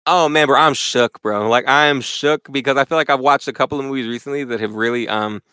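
A young man chatting casually as a guest in a church interview, animated and full of slang. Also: mid-range voice, brisk, clear, resonant tone, no room sound. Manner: animated, slangy, says "bro" a lot. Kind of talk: casual chat.

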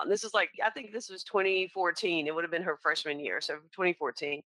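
A woman's voice: lowish voice, steady tone, fast talker, bright, forceful tone, dry recording, low-quality recording. A woman in her forties from North Carolina with a Southern accent, telling stories in casual conversation about her work in claims. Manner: chatty, storytelling, laughs often. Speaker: insurance claims professional.

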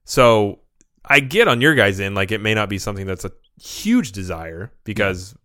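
A man's voice: fairly low pitch, big pitch swings, moderate pace, pushed and bright, dry recording, clean studio sound. A man co-hosting a podcast, chatting casually and telling stories with animation. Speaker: podcast co-host. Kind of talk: casual chat.

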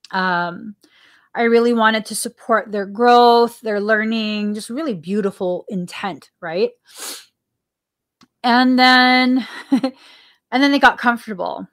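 A woman's voice: mid-range voice, a bit bright. A woman hosting a spiritual podcast, musing earnestly about her own life, asking herself questions and laughing often. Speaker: podcast host. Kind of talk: reflective spiritual talk.

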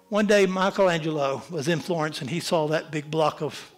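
A man's voice: fairly even intonation, fairly quick, hardly any pauses, soft background music. A man preaching a sermon as pastor, with impassioned delivery that swells and drops. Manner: impassioned preaching, rising and falling in pitch and volume. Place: church.

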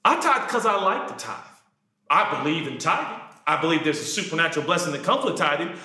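A man preaching a sermon, animated, jumping from shouted lines to quiet asides. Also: on the high side, brisk. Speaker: pastor. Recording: echoey room.

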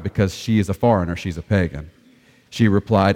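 A pastor delivering a sermon, preaching emphatically with rhetorical questions and slowing down to read scripture aloud. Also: male voice, sits low, a little mellow, big-room sound.

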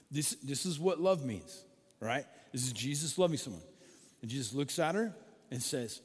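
A male pastor preaching a sermon, telling stories in an animated way and acting out the voices in them. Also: medium pitch, normal speed, husky. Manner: animated storytelling, acts out quoted voices. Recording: long hall reverb.

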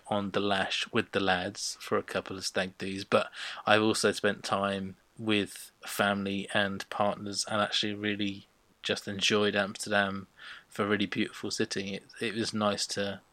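A man's voice: on the low side, sharp tone, dry recording. A man co-hosting a podcast, chatting bluntly and opinionatedly about a sitcom. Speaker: podcast co-host reviewing a sitcom. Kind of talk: casual chat.

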